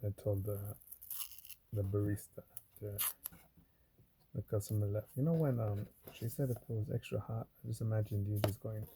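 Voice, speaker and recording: A man's voice: lowish voice, fairly even intonation, moderate pace, long pauses, noisy background. A man talking in a loose, meandering way while sorting coins, with lots of fillers and cursing. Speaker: coin roll hunter. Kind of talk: casual rambling vlog talk.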